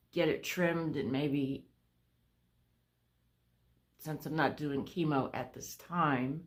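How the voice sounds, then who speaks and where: Woman vlogger, low and unhurried, breathless, halting delivery, phone mic. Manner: halting, with pauses and restarts. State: short of breath. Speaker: vlogger sharing a health update. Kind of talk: casual talk to camera. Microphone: phone camera.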